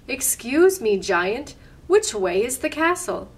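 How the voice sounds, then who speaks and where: A woman's voice: on the high side, very animated, takes it slowly, exaggerated voice. Woman reading as a bold, earnest little girl. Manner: polite but bold, earnest. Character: spirited young girl who dreams of royalty.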